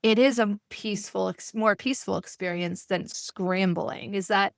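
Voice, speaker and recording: A woman's voice: medium pitch, normal speed, gravelly, no echo, clean studio sound. A woman hosting a podcast interview, thinking aloud in a rambling, self-correcting way. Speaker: podcast host.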